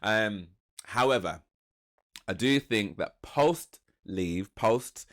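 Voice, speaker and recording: A man's voice: lowish voice, slow pace. Chatty man reacting to TV. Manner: rambling, restarts and animated retelling. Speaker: reaction video host. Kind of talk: casual reaction commentary.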